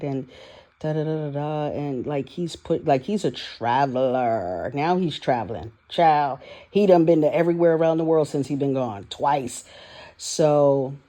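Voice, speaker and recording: A woman with a low, warm, relaxed voice shares her life candidly in a personal vlog. She talks openly and emotionally, laughing often and trailing off into restarts as she searches for words. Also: measured pace. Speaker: vlogger. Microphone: audio only, no video.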